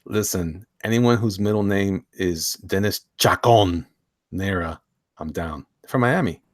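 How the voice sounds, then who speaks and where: A man's voice: sits low, unhurried, no echo, clean studio sound. A man hosting a casual live stream, jokey and chatty, reading viewer comments aloud and laughing often. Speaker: host.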